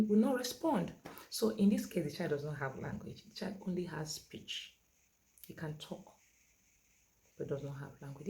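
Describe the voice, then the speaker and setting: Woman educator, low voice, emphatic, halting delivery full of fillers. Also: darkish tone. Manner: emphatic, repeats key words with stress. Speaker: autism communication educator. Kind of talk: instructional talk to parents.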